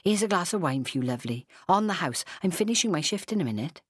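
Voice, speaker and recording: A woman's voice: fairly low pitch, lively intonation, quick pace, husky, no echo, studio quality, pitched above the performer's own voice. A woman reading a story, voicing a chatty, kindly barmaid. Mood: friendly. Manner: chatty and friendly.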